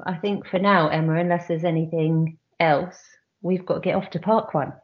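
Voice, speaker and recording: A woman's voice: on the low side, fairly even intonation, normal speed, dull audio. A woman with a nasal voice and a southern English accent, co-hosting a podcast in a bubbly, gushing way. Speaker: podcast co-host. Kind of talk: casual chat.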